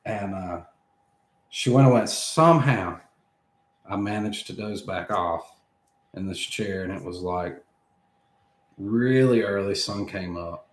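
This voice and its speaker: A man in his thirties with a lowish voice tells a long story, chuckling and acting out the lines of the people in it. The sound has a noticeable roomy echo. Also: takes it slowly, long pauses. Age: 30s. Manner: animated, laughing between lines, acts out quoted speech. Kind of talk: casual storytelling.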